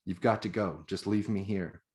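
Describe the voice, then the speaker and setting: A man reading as a quiet, wounded soldier. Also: low-pitched, moderate pace, close to an everyday voice. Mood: resigned. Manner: quiet, strained. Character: badly wounded, weary male soldier.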